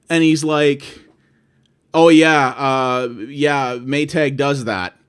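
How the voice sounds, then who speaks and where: A man's voice: a little high, fairly even intonation, takes it slowly, a bit bright, smooth. Exasperated swearing man on a rant. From Canada. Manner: exasperated, swearing, acts out both sides of phone calls. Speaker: vlogger. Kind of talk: ranting monologue.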